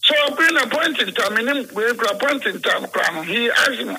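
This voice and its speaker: A man's voice: very high voice, expressive, fairly quick, gravelly, sharp tone, slightly rough, low-quality recording. A man with a Ghanaian accent being interviewed, telling a rambling story, switching between English and Twi and acting out the dialogue he quotes.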